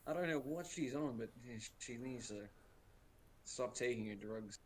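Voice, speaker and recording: Man, casual stream chat, mid pitch, crude rambling, faint room noise. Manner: rambling and crude, quick to laugh.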